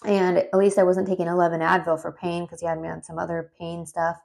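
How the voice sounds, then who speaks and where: Here a fast-talking woman in her thirties, lowish in pitch with vocal fry, rambles through a personal story. Chatty and spirited, she peppers it with fillers and drifts into side remarks.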